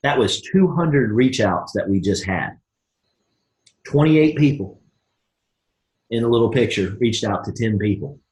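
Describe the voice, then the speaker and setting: A man's voice: medium pitch, a little slow, long pauses. Upbeat man running a team call, folksy, plays out mock dialogues, roomy echo. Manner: energetic, folksy, acts out both sides of dialogues. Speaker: network marketing team leader. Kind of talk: live motivational coaching call.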